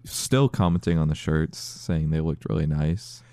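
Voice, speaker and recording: Podcast co-host, male; very deep, relaxed, appreciative tone. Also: unhurried, dry recording, clean studio sound. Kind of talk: casual chat.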